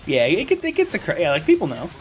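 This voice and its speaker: A man's voice: on the high side, wildly swooping pitch, fast talker, faint music behind. An American man casually rambling to viewers while streaming a video game, often correcting himself mid-sentence. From United States.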